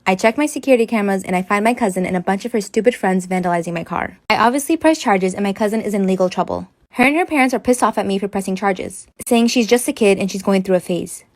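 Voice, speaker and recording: A woman reading online stories aloud in a brisk, even way. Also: mid-range voice, dry recording.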